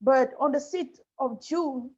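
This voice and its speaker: Woman, emotional, halting, apologetic, fairly high, soft dark timbre, dull lo-fi video call sound. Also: breathy edge. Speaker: panel guest, musician. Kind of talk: personal testimony on a video panel. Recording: muffled lo-fi video call audio.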